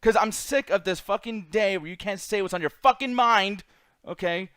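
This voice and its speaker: A man's voice: high voice, normal speed, a bit bright, clean tone, no echo. A young man hosting a chat show, telling a rambling, profane story in a blunt, casual way. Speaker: podcast host.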